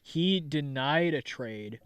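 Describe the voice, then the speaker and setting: A man's voice: a little high, animated, slow pace, clear, resonant tone. Young man in casual hockey chat. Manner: loose and profane, laughs often. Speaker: podcast co-host.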